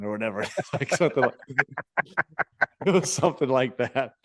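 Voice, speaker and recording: Excitable male podcast co-host spinning stories, mid-pitched voice, dry close sound. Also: unhurried, no room sound. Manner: animated storyteller, many restarts and laughs. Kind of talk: casual chat.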